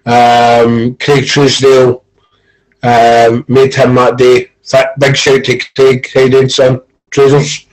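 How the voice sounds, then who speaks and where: A Scottish man, a former football coach, chatting casually as a pundit and telling animated stories with plenty of swearing. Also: medium pitch, slow pace, rough recording. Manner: animated storyteller, acts out quoted arguments, swears.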